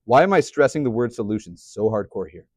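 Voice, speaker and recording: A man's voice: on the low side, expressive, a little fast, darkish tone, no echo, clean studio sound. A young man teaching a math class, chatty, often putting questions to the students. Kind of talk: classroom lecture.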